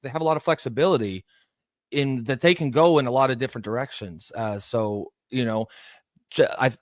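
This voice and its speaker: Co-host, man, middle pitch, halting and casual, dry mic. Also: no room sound. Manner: hesitant, filler-heavy, reads viewer comments. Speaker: livestream co-host. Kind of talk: casual political chat.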